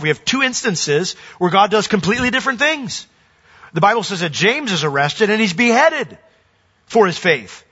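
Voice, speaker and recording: Male pastor, bright ringing voice, earnest sermon delivery, dull lo-fi sound. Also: sits high, breathy edge. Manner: earnest preaching, rising to emphatic declarations.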